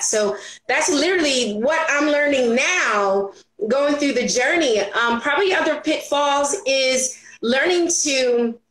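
A woman entrepreneur telling stories as a guest in an interview, expressive and quick to act out the voices of people she quotes. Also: a little high. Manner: expressive, acts out quoted voices, laughs often. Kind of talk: animated storytelling interview. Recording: roomy echo.

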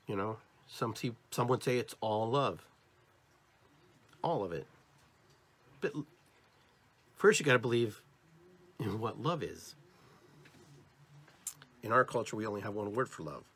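Husky emphatic male podcast host. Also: fairly low pitch, unhurried, long pauses, fairly bright tone. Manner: emphatic and repetitive, addresses listeners directly; acts out different tones of voice as examples. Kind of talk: motivational spiritual talk.

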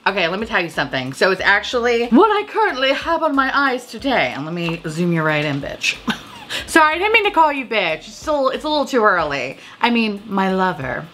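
A woman hosting a casual beauty chat, talking about makeup releases with heavy swearing, laughter and tipsy, excitable gushing. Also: medium pitch, fairly quick, slight background noise. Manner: animated, swearing, laughing, drinking. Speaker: beauty video host.

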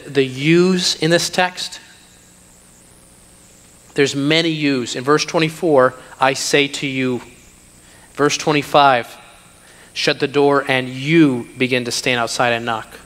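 A man's voice: a little high, fairly bright tone. A man preaching a sermon in a church, emphatic, repeating phrases for stress. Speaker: pastor. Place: church sanctuary. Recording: long hall reverb.

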